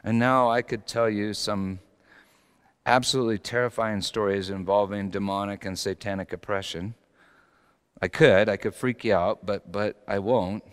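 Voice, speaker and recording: A man preaching a sermon as pastor, confessional and swinging from quiet reflection into animated, rising intensity. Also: fairly low pitch, normal speed, smooth. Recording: long hall reverb.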